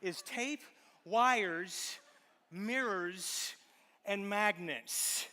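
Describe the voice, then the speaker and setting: Male stage magician and speaker, playful then reflective, bright tone, echoing auditorium. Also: high voice, drawn-out words, slight background noise. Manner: playful, teasing with a volunteer, then reflective storytelling. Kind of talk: live stage talk with magic. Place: large auditorium with audience. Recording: long hall reverb.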